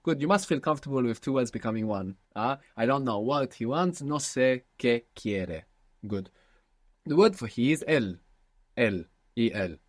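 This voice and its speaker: A man's voice: medium pitch, animated, moderate pace, no room sound, studio quality. A man teaching a language lesson, patiently prompting his student with questions.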